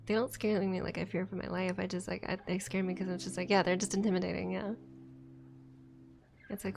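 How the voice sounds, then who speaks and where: Rambling young woman with a gravelly voice. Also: on the low side, flat delivery, a little fast, darkish tone, a little hiss or hum. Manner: rambling, swears often, laughs between lines. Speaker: streamer. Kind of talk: casual late-night stream chat, ASMR edition.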